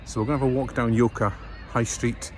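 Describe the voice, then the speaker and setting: A Scottish man narrates his day out for a travel vlog, chatting easily and wandering off track with lots of ums. His voice sits mid-range, recorded handheld outdoors. Street and traffic noise runs clearly underneath. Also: medium pitch, flat delivery, a little fast, a little mellow. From Scotland. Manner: chatty, rambling with frequent fillers. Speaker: travel vlogger. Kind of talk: casual walking vlog narration. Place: outdoors in town streets and station, rainy.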